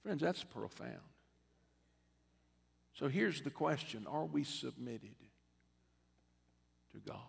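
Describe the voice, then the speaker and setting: A man preaching a sermon as a bishop, in a church sanctuary, with a preaching cadence that rises to loud repeated refrains. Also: mid-range voice, expressive, slow pace, gravelly, pauses often, breathy edge. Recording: long reverb of a church hall.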